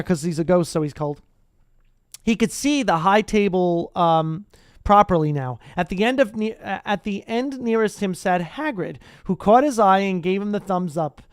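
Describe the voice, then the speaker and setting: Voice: mid-range voice, clean tone, no room sound, studio quality. A streamer reading a book aloud to a live chat, stumbling and breaking off for casual asides. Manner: chatty asides, stumbles and restarts.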